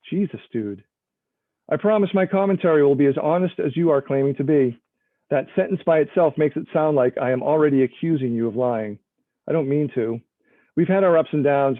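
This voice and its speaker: A man's voice: a little high, no room sound, natural voice. A man reading a blunt, wry old friend's notes on a manuscript in a plain-spoken tone, over a tinny call line. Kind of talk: reading a character's notes aloud. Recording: tinny phone-like line, dry.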